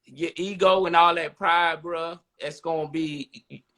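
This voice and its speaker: A man's voice: fairly high pitch, fairly even intonation, slow, bright, forceful tone. A man co-hosting a podcast, talking bluntly in casual street slang and often asking "you know what I'm saying". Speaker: podcast co-host.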